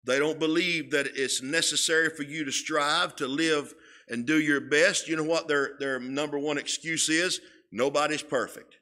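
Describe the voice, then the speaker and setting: A man teaching a Sunday school Bible lesson in a church, speaking in a slow, emphatic way and often repeating his words. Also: on the high side, steady tone, sharp tone. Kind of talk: sermon-style Bible lesson. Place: church sanctuary.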